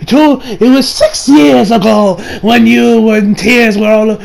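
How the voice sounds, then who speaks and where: A man's voice: very high-pitched, measured pace, vocal fry, very noisy, pitched above the performer's own voice, full character voice. A man doing a shrieking, sneering church official. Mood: gloating. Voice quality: squealing, shrieking. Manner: mocking, theatrical. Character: shrill, cackling, pompous man serving as a church official.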